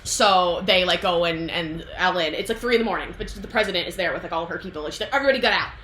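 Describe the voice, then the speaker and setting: A woman's voice: lowish voice, quick pace, roomy sound. A young woman chatting casually, retelling a book plot to a friend, swearing often and acting out the characters' lines. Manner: animated, profane, acts out characters' lines, frequent laughter. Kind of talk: casual chat.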